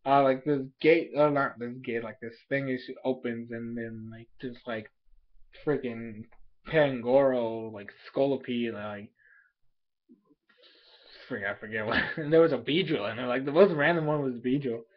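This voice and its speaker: A young man casually recapping an anime episode in a rambling, animated way, full of fillers and quick asides. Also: medium pitch, dull audio. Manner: rambling, animated, filler-heavy, laughs often.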